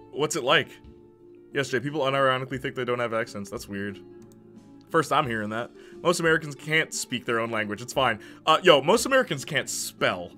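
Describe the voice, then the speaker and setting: A man's voice: mid-range voice, pushed and bright. A man streaming live, chatting casually and reading his chat aloud with sarcastic, joking banter.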